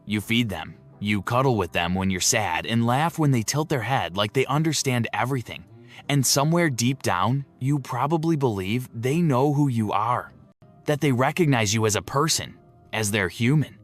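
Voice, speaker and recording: A man narrates a script in an even, mid-pitched voice. His delivery is slow and emotive, with dramatic pauses between phrases. Faint music plays underneath. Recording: soft music beneath the voice.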